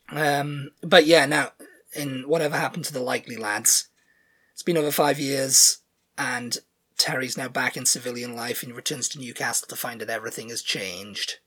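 With a mid-range, slightly rough and somewhat bright voice at normal speed, a British man co-hosts a podcast. He chats loosely, leans heavily on fillers, and sometimes reads show synopses aloud.

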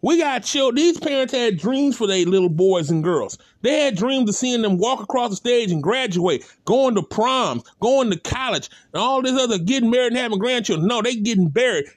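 A man's voice: very high-pitched, animated, a little fast, few pauses, no room sound. A man giving a blunt, impassioned spoken rant, hammering points with repeated rhetorical calls and casual speech. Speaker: commentator.

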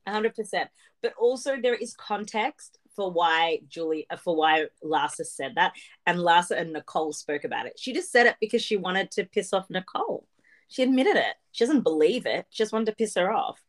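Woman, podcast co-host, blunt, sarcastic, lowish voice, very animated. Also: normal speed. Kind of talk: casual reality TV recap chat.

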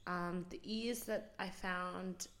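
A young American woman co-hosting a podcast, speaking in a relaxed, reflective way with frequent ums. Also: fairly low pitch, slow. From United States. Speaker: podcast co-host. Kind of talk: casual chat.

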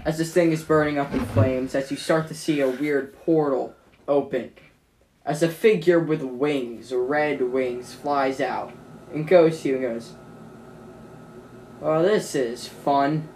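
A game master narrating a tabletop game in a rambling way, with many pauses and restarts. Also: medium pitch, fairly even intonation, a little mellow, slight background noise.

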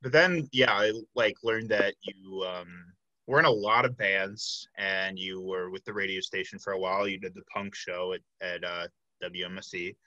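A man hosting a casual podcast interview, with a fairly low voice that still has a forceful, bright edge. He talks hesitantly, full of fillers, and his voice often trails off softly. The recording is dull, lo-fi and dry. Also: moderate pace, no echo. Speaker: podcast host.

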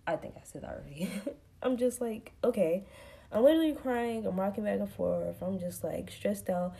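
A woman's voice: medium pitch, normal speed, gravelly, mellow. A woman telling a rambling, casual story to the camera, full of "like"s and little sung sound effects. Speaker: vlogger.

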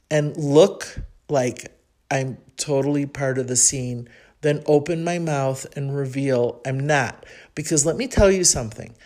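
A woman's voice: low-pitched, a little mellow. Chatty Chicago woman telling a story. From Chicago, United States. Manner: chatty and reflective, thinking aloud with frequent pauses. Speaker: podcast host. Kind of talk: personal storytelling monologue.

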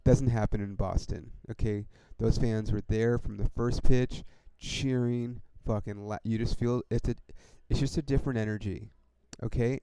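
A man's voice: lowish voice, fairly even intonation, moderate pace, creaky, mellow, smooth, no echo. A young man hosting a podcast, telling a rambling story in a laid-back, profane way, peppered with "dude" and "like". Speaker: podcast host.

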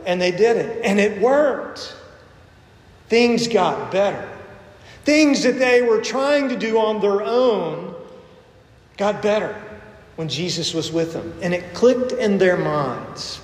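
A man's voice: high voice, lively intonation, unhurried. A middle-aged man pastor giving a conversational sermon, telling stories and acting out the voices he quotes. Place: church sanctuary. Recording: echoey long reverb of a sanctuary.

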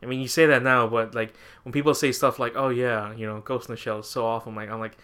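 A man's voice: mid-range voice, fairly even intonation, quick pace, fairly bright tone, clear, resonant tone. A man co-hosting a podcast in casual chat, rambling and laughing often as he quotes his own reactions. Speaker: podcast co-host.

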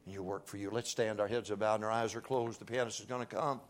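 A man preaching a revival sermon in a church, folksy and joking, pleading softly one moment and shouting from afar the next. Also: on the low side, steady tone, quick pace. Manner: swings from hushed pleading to far-off shouting. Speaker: guest preacher. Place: church sanctuary.

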